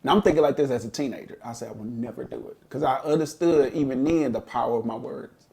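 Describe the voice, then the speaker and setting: A man's voice: mid-range voice, fast, creaky, dark tone. A middle-aged man and podcast co-host, telling a personal story in an earnest, reflective way during a casual chat.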